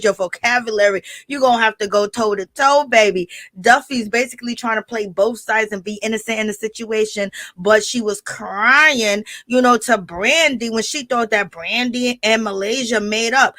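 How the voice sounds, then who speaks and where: A sassy woman streams a casual reality-TV recap and greets her chat by name as she goes. Her voice is bright and forward. The sound is dry and close, with no room around it. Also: on the high side, no echo.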